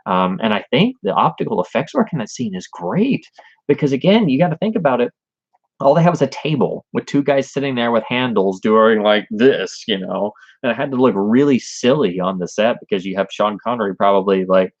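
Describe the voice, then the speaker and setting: A fairly low-pitched man hosts a casual livestream, talking with a chatty, enthusiastic fan's energy. The sound is dry and close, with no room around it. The audio is a bit dull and lo-fi. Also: animated, a little fast, dry recording. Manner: enthusiastic, chatty film fan. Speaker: livestream host. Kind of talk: casual livestream chat about films.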